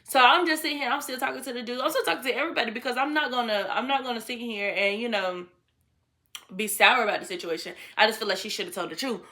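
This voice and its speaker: A woman's voice: on the high side, fast, pushed and bright. A woman vlogger telling a personal story in a blunt, casual way, swearing freely and laughing often.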